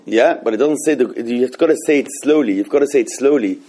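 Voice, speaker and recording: A man's voice: medium pitch, fast, warm tone. A man teaching a halacha class in a rambling way, with many restarts and fillers. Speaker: Torah teacher.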